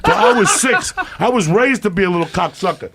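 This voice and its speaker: Gravelly, profane comedian ranting. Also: male voice, high-pitched, sing-song, a little fast, background noise. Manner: loud, swearing, punchy bursts with sudden shouts. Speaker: comedian guest on a podcast. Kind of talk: profane comic rant and storytelling.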